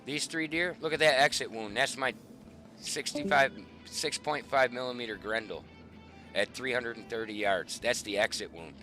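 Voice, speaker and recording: Profane, forceful middle-aged man storyteller. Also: medium pitch, moderate pace, soft background music. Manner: profane, animated, swearing often. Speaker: show host. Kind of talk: casual hunting storytelling.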